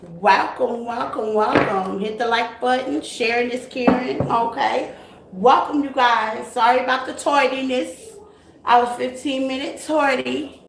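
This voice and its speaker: A woman with a fairly high voice hosts a casual live stream and talks slowly and unhurried. She calls her viewers baby and honey. The room is echoey, with a faint hiss behind her. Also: fairly even intonation, gravelly. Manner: warm greetings to viewers, affectionate terms like baby and honey. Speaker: tarot reader hosting a live stream.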